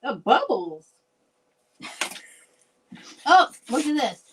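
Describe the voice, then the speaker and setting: A woman hosting a casual live vintage sale, chatty and rambling, laughing often and thinking out loud. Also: sits high, sing-song, extremely slow, noisy background. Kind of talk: casual live selling chat.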